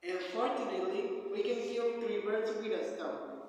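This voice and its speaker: A young man playing a teacher in a scripted classroom role-play, explaining slowly and deliberately. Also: sits high, steady tone, darkish tone. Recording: echoey hall, far from mic.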